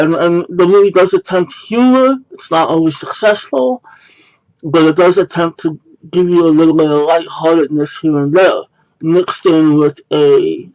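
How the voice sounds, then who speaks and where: Man reviewing a film on a dull mic. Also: a little high. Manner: rambling, self-correcting, mildly exasperated. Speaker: movie reviewer. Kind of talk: casual video review. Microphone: wrong built-in mic instead of the intended USB mic. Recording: dull lo-fi home recording.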